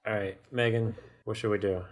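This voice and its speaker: A man's voice: on the low side, flat delivery, fairly quick. A man co-hosting a podcast, chatting casually with laid-back, dry remarks. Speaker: podcast co-host. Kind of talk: casual chat.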